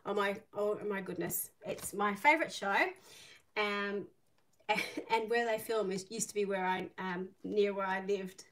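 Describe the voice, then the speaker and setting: A middle-aged woman with an Irish accent mixed with an Australian one, chatting warmly through a live online art class and greeting viewers by name. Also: mid-range voice. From Northern Ireland. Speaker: art teacher. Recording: slightly distant mic, faint noise.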